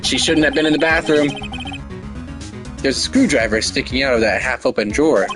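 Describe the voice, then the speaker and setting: A man's voice: medium pitch, a little fast, close to an everyday voice. A man voicing an earnest, determined young male defense lawyer in inner monologue, over game music. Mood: curious. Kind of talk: voice acting a game playthrough.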